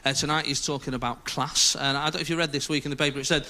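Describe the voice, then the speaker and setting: A man's voice: a little high, steady tone, racing, hardly any pauses, bright, forceful tone. Joking male TV comedy host. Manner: joking, chatty, teases co-host. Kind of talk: introducing a guest with banter.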